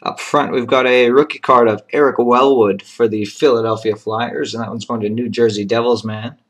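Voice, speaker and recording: A man hosting a trading card box break, steadily announcing each card, who it goes to and its serial number, with brief quiet asides of admiration. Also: medium pitch, fairly even intonation, normal speed. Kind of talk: live card-opening commentary.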